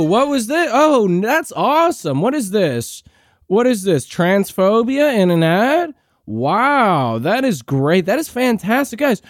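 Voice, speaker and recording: A man's voice: high voice, no room sound, studio quality. Sarcastic, profane ranting male podcast host. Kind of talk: ranting reaction commentary.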